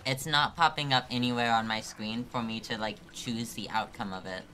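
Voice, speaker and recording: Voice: medium pitch, steady tone, moderate pace, bright, forceful tone, a little hiss or hum. A live streamer commenting on a hard climbing game, exasperated and self-mocking, joking about being about to cry.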